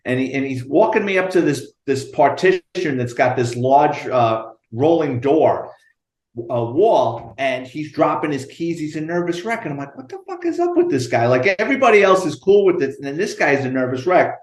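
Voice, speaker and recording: Older new guy telling cop stories, swears a lot, voice a bit high, echoey room. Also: moderate pace. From United States. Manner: animated, profane storyteller acting out dialogue. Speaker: retired police detective guest. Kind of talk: storytelling interview.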